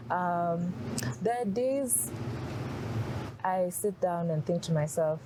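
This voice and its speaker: Podcast co-host, woman, lowish voice, relaxed storyteller who acts out quotes, noisy recording. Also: brisk. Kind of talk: podcast conversation. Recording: noisy background hiss.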